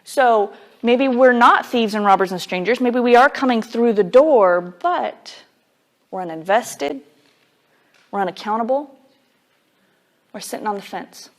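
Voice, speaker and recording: A woman's voice: on the high side, unhurried, pauses often. Woman teaching a casual, emphatic sermon. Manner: casual and emphatic, with frequent "like" fillers. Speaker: Bible teacher.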